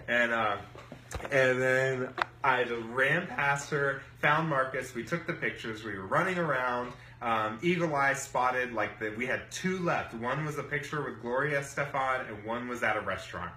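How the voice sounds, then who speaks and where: A man recounts a story on his vlog in a loose, animated way, full of ums and uhs. His voice is bright and forward. The room adds a noticeable echo, with faint noise underneath. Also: medium pitch, normal speed. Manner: animated, many fillers. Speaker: vlog host. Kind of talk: casual storytelling.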